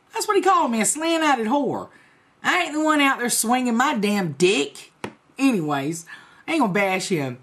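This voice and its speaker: Blunt, profane middle-aged woman storyteller. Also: mid-range voice. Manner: blunt, profane, animated retelling. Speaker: vlogger. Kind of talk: casual storytelling to camera.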